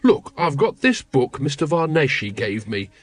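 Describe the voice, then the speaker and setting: A man's voice: mid-range voice, very animated, normal speed, lightly acted. A man voicing a naive, eager young watch recruit who is earnest and puzzled. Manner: earnest, wide-eyed and puzzled.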